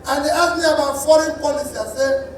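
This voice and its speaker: High-voiced Nigerian man rallying an echoey hall. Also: level tone, fast, far from the mic, slight background noise. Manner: emphatic, repeats key lines for force. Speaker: political speaker. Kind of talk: rallying political speech. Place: large dinner event hall.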